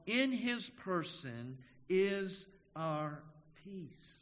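A male pastor preaching a sermon, slow and measured, stressing key words with emphasis. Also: high voice, animated, fairly bright tone. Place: church sanctuary. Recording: dull audio in a reverberant hall.

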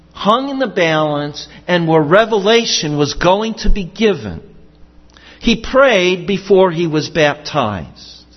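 A man preaching a sermon in an earnest, emphatic way, repeating his key questions. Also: high-pitched. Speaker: pastor. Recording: dull sound with long hall reverb.

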